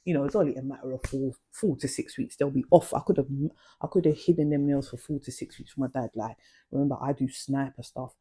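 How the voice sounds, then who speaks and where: A woman's voice: very deep voice, fairly even intonation, fast, mellow, slightly rough. A young adult woman, chatting casually and confidingly about her past in slang-heavy storytelling. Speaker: vlogger.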